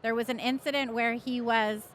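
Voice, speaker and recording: A middle-aged American woman speaks frankly and with animation as a guest, slipping in casual fillers. Her voice sits a little high. Faint crowd ambience from an event floor hangs behind her. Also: fairly even intonation, moderate pace, a bit bright, a little hiss or hum. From United States. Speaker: guest, magazine editor. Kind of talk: casual interview talk.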